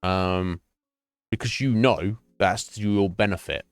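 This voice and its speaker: Sweary British man, low voice. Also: measured pace, clear, resonant tone, no room sound, faint music behind. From Britain. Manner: sweary, blunt, rambling with repeated restarts. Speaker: streamer. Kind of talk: casual chat to stream chat.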